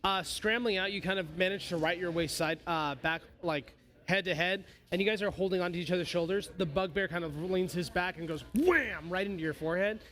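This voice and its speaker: A man's voice: sits high, fairly quick, fairly bright tone. A man narrating as game master of a tabletop game, loose and full of fillers. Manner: loose, many fillers, laughs often.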